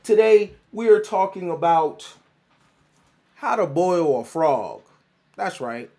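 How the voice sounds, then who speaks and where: Slangy man hosting a livestream. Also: sits high. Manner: loose, playful, shouting out viewers by city; slangy, repeats words for emphasis. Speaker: livestream host and life coach. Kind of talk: casual livestream talk.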